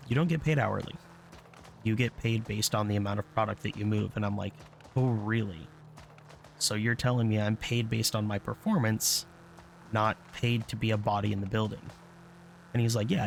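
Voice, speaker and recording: Gravelly, blunt man telling a story. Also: lowish voice, a little hiss or hum. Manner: blunt, profane, candid, quotes others in his own voice. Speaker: vlogger. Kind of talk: casual storytelling monologue.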